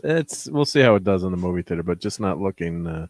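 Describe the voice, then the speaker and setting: A man's voice: deep voice, expressive, fast, a little mellow, no echo, studio quality. A man hosting a casual video chat with friends, joking and laughing often. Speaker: show host.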